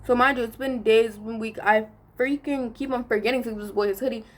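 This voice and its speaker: A woman's voice: on the high side, a little fast. Chatty teenage girl, casual story time. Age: teens. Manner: chatty, animated storytelling with slang. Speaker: vlogger. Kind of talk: casual story time during a makeup tutorial.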